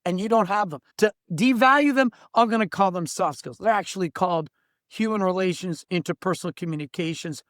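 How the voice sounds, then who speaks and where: In this podcast interview, a middle-aged diversity trainer and workplace coach tells animated, blunt stories and acts out the people he quotes. His voice sits high, brisk and a bit bright. The studio sound is clean, with no room noise.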